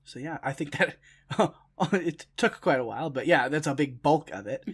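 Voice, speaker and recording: A young man co-hosting a podcast, talking through a film in a relaxed, rambling way with plenty of fillers. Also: a little high, normal speed, husky. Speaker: podcast co-host. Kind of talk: casual film discussion.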